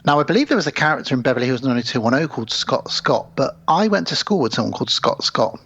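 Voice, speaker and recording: Male co-host, husky, chatty storyteller, lo-fi recording. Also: mid-range voice, sing-song, fast talker, a bit bright. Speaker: podcast co-host. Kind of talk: casual film chat.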